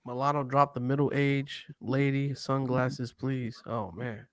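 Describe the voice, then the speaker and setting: A man's voice: mid-range voice, level tone, measured pace, fairly bright tone, no room sound, clean studio sound. A man joking and laughing with friends in a casual online chat. He swears, teases and acts out bits of dialogue. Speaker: co-host in a stream chat.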